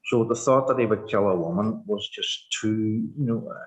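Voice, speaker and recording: A man in his sixties with a Northern Irish accent, telling his personal story in a halting, earnest way, full of "you know" fillers. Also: on the low side, low-quality recording. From Northern Ireland. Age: 60s. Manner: reflective and earnest. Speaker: former prisoner sharing his story. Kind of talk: personal testimony.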